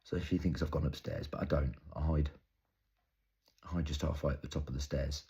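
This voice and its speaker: A young man performing an intense, halting, improvised dramatic monologue. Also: a bass voice, steady tone, gravelly, dark tone, slightly rough. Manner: intense, halting, storytelling with heavy swearing. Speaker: actor.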